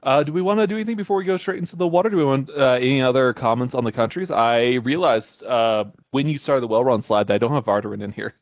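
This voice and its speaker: A man's voice: mid-range voice, quick pace, few pauses, no echo. Guy making offhand jokes in a lore meeting, muffled dry audio. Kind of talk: casual chat.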